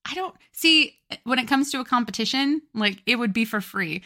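Young woman, casual podcast chat, animated storyteller, bright, fairly high voice. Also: normal speed. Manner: animated storyteller, acts out quoted friends. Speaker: podcast co-host.

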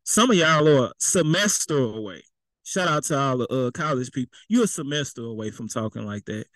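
A man's voice: mid-range voice, lively intonation, brisk, fairly bright tone, no echo, low-quality recording. Man preaching a casual sermon. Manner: conversational, repeats words, folksy slang.

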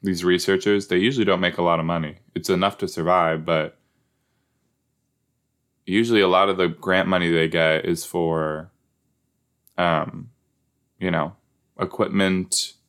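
Male podcast host, unhurried rambling commentary at a table, playful. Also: low voice, fairly even intonation, fairly bright tone. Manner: rambling, joking, repeats lines in silly voices. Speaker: podcast host watching a show. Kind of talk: casual watch-along commentary. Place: at a table indoors.

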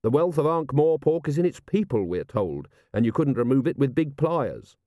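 A weary, blunt watch commander, as a male narrator puts him on, gruffly incredulous. The voice is warm and mellow, with plenty of movement in pitch. It is a storybook reading with a dry, close sound. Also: sing-song, normal speed, no room sound, close to an everyday voice. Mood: muttering.

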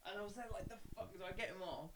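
Racing along in a high, fairly bright voice with a creaky texture, this young guest from South East London spins a meandering podcast tale. The chat is casual, peppered with constant swearing and endless "like"s.

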